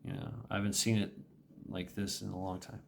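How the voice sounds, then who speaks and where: A man's voice: lowish voice, little pitch movement, fairly quick, gravelly, a little hiss or hum. A middle-aged man talking through a casual monologue vlog, rambling and repeating himself, with small laughs. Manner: rambling, repetitive, with laughs and mimicked quotes. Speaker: vlogger.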